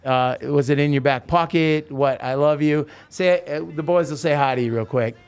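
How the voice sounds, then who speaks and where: Man, podcast host, casual chat, rambling animated storyteller, lots of restarts. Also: on the high side, moderate pace, smooth, soft background music.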